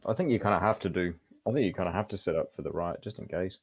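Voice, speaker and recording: A man's voice: deep voice, fast, husky. A man giving casual, chatty game commentary, thinking aloud as he goes.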